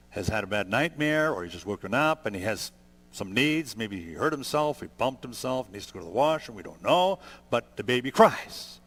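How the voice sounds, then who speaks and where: A man in his sixties preaching a sermon, conversational and gentle, building to emphatic peaks. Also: lowish voice. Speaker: pastor.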